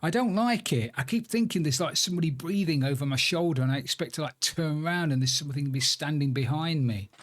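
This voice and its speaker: A man's voice: fairly high pitch, a little fast, hardly any pauses. A man chatting casually and joking at his own expense while he streams a video game. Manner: chatty, self-deprecating banter. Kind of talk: casual live-stream commentary while gaming.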